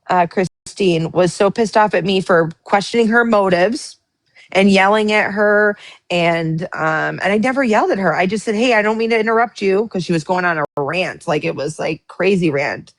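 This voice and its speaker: A woman with a lowish voice, recorded dry through a phone or webcam mic, hosts a live stream. She tells a story casually, with lots of fillers, restarts and swearing.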